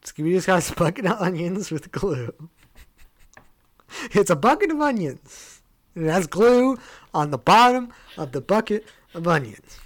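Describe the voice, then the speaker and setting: Animated man on a comedy podcast. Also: high-pitched, measured pace. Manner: animated, playful storytelling. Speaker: podcast host. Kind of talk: casual comedy podcast chat.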